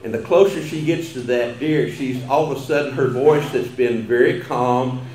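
A man's voice: mid-range voice, normal speed, a little mellow. Older Texan man, folksy after-dinner storyteller who chuckles often, recorded in a roomy banquet hall. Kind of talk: humorous banquet speech.

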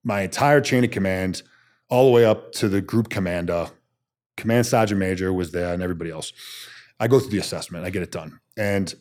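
A man's voice: low voice, a little fast. A man in his thirties, a soldier being interviewed, telling stories bluntly and acting out the quotes. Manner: animated storyteller who acts out quotes, blunt and salty. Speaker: podcast guest, Army special forces soldier. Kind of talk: storytelling in a casual interview.

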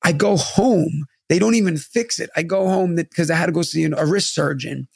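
A young man chats into a close studio mic, his voice high and rough with a gravelly edge. He tells stories in an animated way, swears freely and acts out the people in them. The sound is dry, with no room around it. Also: fairly quick, no echo. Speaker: podcast co-host. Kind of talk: casual storytelling chat.

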